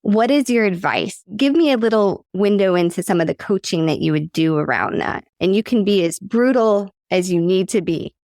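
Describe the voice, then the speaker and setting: Woman host, low gravelly voice, candid and reflective, dry sound. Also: expressive, moderate pace, few pauses, a little mellow, no echo. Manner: candid, reflective, openly vulnerable. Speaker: podcast host. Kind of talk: conversational interview.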